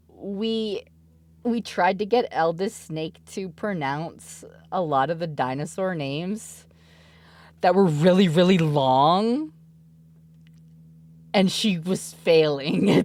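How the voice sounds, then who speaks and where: A woman's voice: mid-range voice, no echo. A woman in her thirties, a mother streaming, chatting casually and giggling often as she tells stories. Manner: giggly, laughs often while telling stories. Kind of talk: casual chat.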